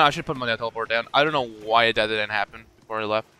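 A man giving live gameplay commentary, coaching his teammates and shouting at big moments. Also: medium pitch, fairly quick, smooth. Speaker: gaming video creator.

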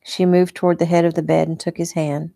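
Author reading her novel at home, a woman with a low, mellow voice, dry close sound. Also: brisk, creaky, no echo. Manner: relaxed, unpolished reading with small slips. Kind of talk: casual read-aloud narration.

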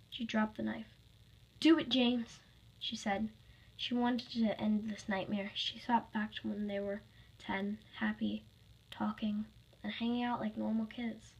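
A woman's voice: fairly high pitch, breathy edge, rough recording. A woman reading her own fan story aloud, plainly, with small slips.

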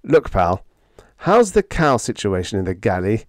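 A man voicing an excitable male radio operator on a spaceship, howling his complaints in a storybook reading. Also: lowish voice, measured pace, dry recording, studio quality. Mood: wheedling.

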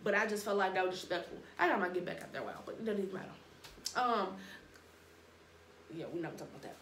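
A young woman telling a casual storytime with lots of slang, animated and acting out what people said. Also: medium pitch, fast. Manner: animated, slangy, acts out quotes. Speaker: storytime vlogger. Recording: roomy echo, faint background noise.

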